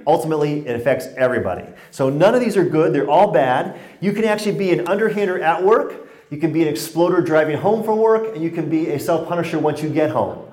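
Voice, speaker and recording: A fast-talking man with a fairly high, darkish voice and lively intonation barely pauses as he runs a workshop on stress. He keeps things conversational and jokey, acting out the dialogue in his anecdotes, and the recording has roomy hall sound.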